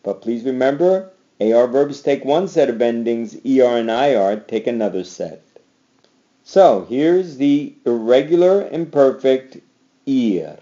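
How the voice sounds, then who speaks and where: Male teacher, slow, very dark voice, dull lo-fi sound, drills verb endings. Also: medium pitch, animated. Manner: drills verb endings aloud, repeating and encouraging. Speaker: Spanish teacher. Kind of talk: recorded slide lecture.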